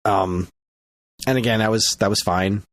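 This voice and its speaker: Animated man ranting on a podcast. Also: fairly low pitch, moderate pace, no room sound. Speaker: podcast co-host. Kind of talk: casual chat.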